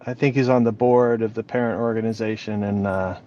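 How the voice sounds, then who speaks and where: A man speaking as a guest in an interview, reflective and candid, often trailing off quietly. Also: lowish voice, steady tone, brisk. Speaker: interview guest, bereaved father. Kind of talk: conversational interview. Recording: dull lo-fi audio.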